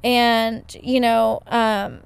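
A woman's voice: fairly high pitch, level tone, drawn-out words, creaky, smooth, no echo. A woman hosting a podcast, telling a story in a casual, chatty way with lots of "you know" fillers. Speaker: podcast host.

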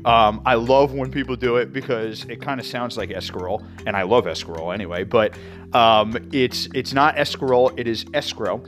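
A man from New York hosts a mortgage podcast, talking through fees in a casual, conversational style packed with fillers and asides. His mid-range voice moves fairly quickly and sounds a bit bright, with faint music in the background.

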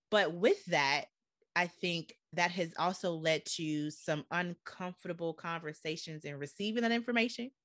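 A woman's voice: on the low side, fairly bright tone, no echo, clean studio sound. A woman asking a long question in conversation, hesitant and full of fillers like "um" and "like".

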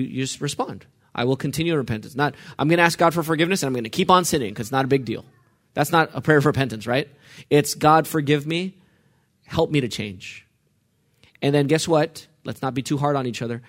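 Speaking fast at a medium pitch, a preacher works through the Psalms, shifting from soft scripture reading to forceful, loud bursts. He keeps asking his audience questions.

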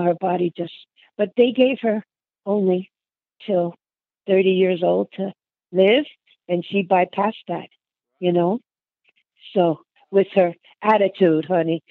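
Older lady with a gravelly voice, chatty, keeps calling you hon, sounds like a thin phone line. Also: medium pitch, no echo. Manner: chatty, calls the listener hon and honey. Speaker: interviewee. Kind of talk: reminiscing conversation.

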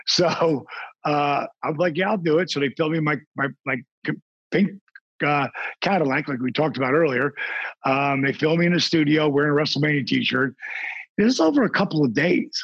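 A man telling animated stories as a podcast guest, acting out the voices of the people in them. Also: on the high side, moderate pace, dry recording, highs cut off. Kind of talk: casual storytelling.

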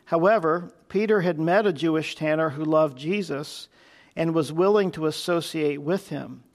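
A man preaching a sermon in an easy, conversational way. His voice sits a little high, and he turns to his listeners with earnest questions. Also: moderate pace. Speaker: pastor.

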